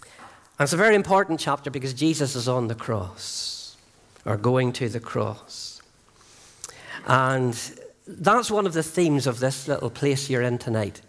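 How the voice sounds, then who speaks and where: A man preaching an evangelistic sermon in a church, earnest and emphatic, slowing down to stress key phrases. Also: medium pitch, animated, a bit bright. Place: church sanctuary.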